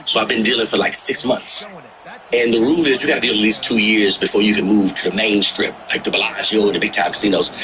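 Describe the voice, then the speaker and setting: A man telling stories in casual chat, animated, acting out the people he quotes and swearing freely. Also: lowish voice, fast talker, low-quality recording. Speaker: livestream host telling stories. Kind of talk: casual storytelling.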